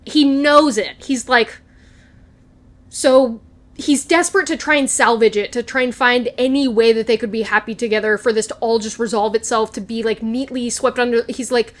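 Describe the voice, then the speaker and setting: A woman's voice: on the high side, moderate pace. A young woman vlogger chatting casually and gushing as she recaps a TV episode, slipping into quoted lines. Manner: gushing, animated, quotes characters in voices.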